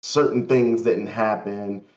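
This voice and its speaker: A man in a casual roundtable chat, reflecting at a measured pace on his time as a streamer. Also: fairly low pitch, steady tone, darkish tone. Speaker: streamer guest. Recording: dull lo-fi mic.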